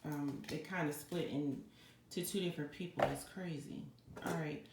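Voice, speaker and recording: A woman's voice: low-pitched, moderate pace. A woman giving a psychic card reading, chatting casually and directly to her viewers. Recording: echoey room with steady background noise.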